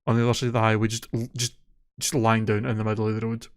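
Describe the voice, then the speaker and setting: A man's voice: lowish voice, completely flat delivery, rapid-fire, smooth. A man co-hosting a casual podcast, retelling a story and swearing freely as he gets worked up. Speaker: podcast co-host. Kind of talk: casual chat.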